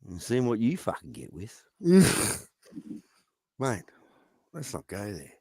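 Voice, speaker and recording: Aussie guy swearing and taunting, lowish voice, dry close sound. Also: wildly swooping pitch, takes it slowly, a little mellow, breathy edge, dry recording. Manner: profane, taunting, goading questions. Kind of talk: angry rant.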